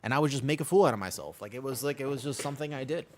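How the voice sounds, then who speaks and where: A man's voice: medium pitch, very fast, a little mellow. A young man streaming a game, telling stories in a rambling, repetitive way while he plays. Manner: rambling, self-interrupting storyteller, repeats himself. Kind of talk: casual gaming stream chat.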